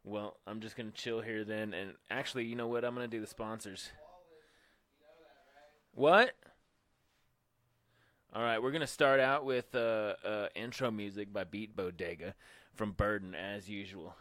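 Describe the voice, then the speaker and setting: A young man co-hosting a podcast in loose casual chat, halting and full of uhs, laughing often. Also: fairly low pitch, fairly even intonation, fairly bright tone, dry recording. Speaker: podcast co-host.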